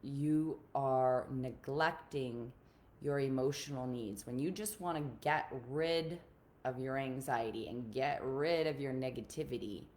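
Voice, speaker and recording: A woman's voice: very deep voice, unhurried, a little mellow, slight background noise. A woman relationship coach talking casually on a live stream to her group, earnest and encouraging, often repeating her key points.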